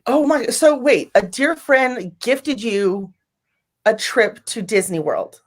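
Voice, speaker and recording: A woman's voice: on the high side, slow. A woman hosting a live stream, chatting casually with a guest and gushing over viewer comments. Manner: bubbly, gushing, animated. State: teary, emotional.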